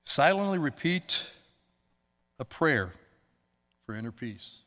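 A man's voice: medium pitch, normal speed, pauses often, fairly bright tone. A man preaching a sermon as pastor, in a conversational, chatty manner with asides to the congregation. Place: church sanctuary. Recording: long hall reverb.

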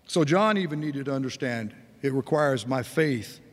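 A man's voice: medium pitch, lively intonation, normal speed, big-room sound. A man preaching a sermon in an earnest, conversational way, with folksy asides. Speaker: pastor.

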